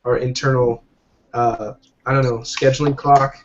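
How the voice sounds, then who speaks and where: A man's voice: medium pitch, flat delivery, moderate pace, slight background noise. A man hosting a casual podcast chat over a video call, joking and rambling with fillers. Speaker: podcast host. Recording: dull lo-fi call audio.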